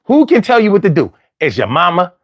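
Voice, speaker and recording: A man's voice: sits high, huge pitch swings, a little fast, no room sound. A man hosting a call-in talk show, talking with lots of repetition and street slang. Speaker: host.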